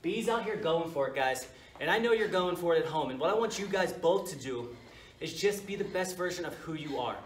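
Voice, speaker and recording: A man's voice: a little high, expressive, fairly quick, slight background noise. A man coaching a workout with pumped-up, urging pep talk. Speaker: fitness coach. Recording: echoey room, mic at a distance.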